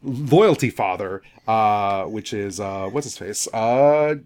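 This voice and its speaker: A man in casual chat, retelling a story with lots of quick impressions of the characters. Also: fairly low pitch. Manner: animated retelling, slips into goofy voices for the figures. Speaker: podcast co-host retelling a historical novel.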